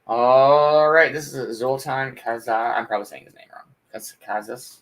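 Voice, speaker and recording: A man hosting a morning stream in casual chat, relaxed, chatty and profane. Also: medium pitch, normal speed. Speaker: livestream host.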